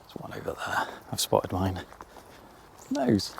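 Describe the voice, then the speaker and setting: Low gravelly guy chatting to camera on an outdoor walk, jokey about himself, faint wind and noise behind. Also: fairly even intonation, moderate pace, darkish tone. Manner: chatty, self-mocking, addresses viewer directly. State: out of breath while climbing. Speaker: vlogger. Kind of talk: casual vlog walk-and-talk. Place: outdoors, farm fields and coastal path.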